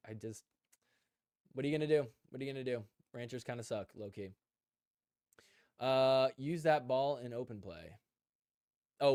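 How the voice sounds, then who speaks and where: Young adult man, live-stream host, casual storytelling, animated, dry close sound. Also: medium pitch, no room sound. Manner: animated storyteller, acts out quotes, laughs often.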